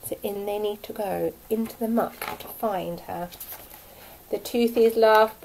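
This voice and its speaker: A woman teacher reading a picture book aloud to young children, gentle and lively with hushed asides. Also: medium pitch, measured pace, low-quality recording. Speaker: primary school teacher.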